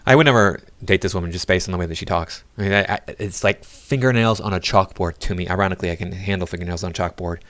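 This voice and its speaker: A man's voice: sits low, steady tone, fast talker, few pauses, a bit bright, dry recording. A man giving sarcastic, mocking commentary on video clips. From United States. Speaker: reaction commentator. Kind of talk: critical commentary over clips.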